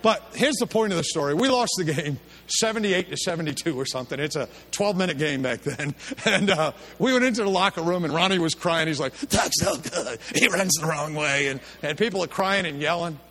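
A man's voice: on the high side, animated, fairly quick, hardly any pauses, a bit bright. A middle-aged man preaching a sermon in a church service, telling stories in a folksy, chuckling way. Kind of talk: sermon with storytelling.

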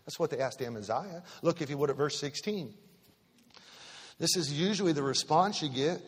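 A man's voice: a little high, animated, normal speed, slightly rough. Emphatic male pastor preaching in a hall. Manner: emphatic, repetitive, questioning the congregation. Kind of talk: sermon. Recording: reverberant church hall.

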